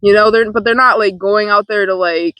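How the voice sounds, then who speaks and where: A woman's voice: mid-range voice, steady tone, a little fast, bright, forceful tone, no room sound, poor audio. A woman in her twenties talking casually about a film, rambling with lots of fillers and restarts and frequent laughs, into a close mic. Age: 20s. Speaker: vlogger. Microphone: close desk mic.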